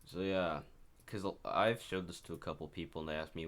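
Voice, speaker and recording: This low-pitched man talks fairly quickly with mostly even intonation. He's giving casual screen-share commentary on a piece he composed, chatting while he works, wandering off track and fixing his own slips.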